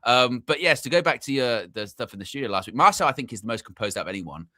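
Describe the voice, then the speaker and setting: Brief: male co-host, bright forceful tone, dry close mic, animated banter. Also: fast, no echo. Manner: animated, mimics friends in high voice. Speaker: co-host of fan show. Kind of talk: casual football chat.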